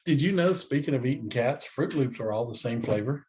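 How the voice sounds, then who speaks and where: A man's voice: mid-range voice, lively intonation, a little fast, darkish tone. A middle-aged man, hosting a casual chat, joking and laughing as he tells silly facts. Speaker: podcast host. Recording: faint background noise.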